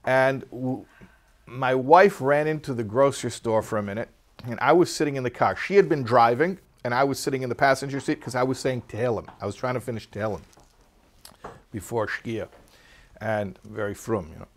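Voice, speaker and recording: A man teaching a religious text class, telling a story in a lively, anecdotal way and putting questions to his students. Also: medium pitch, brisk. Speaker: Torah teacher.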